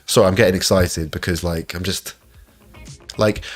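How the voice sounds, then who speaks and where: An excitable man hosting a live stream and walking through trading charts. He keeps repeating "look" and laughs often. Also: sits low, normal speed, breathy edge. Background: faint backing music.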